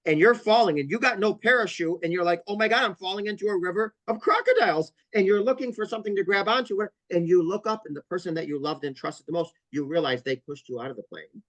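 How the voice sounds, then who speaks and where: A man's voice: sits high, fast, few pauses, a bit bright, no echo, poor audio. Earnest man in a dry recording. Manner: earnest, vivid storytelling with repeated emphasis. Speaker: trauma counselor guest. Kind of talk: interview podcast conversation.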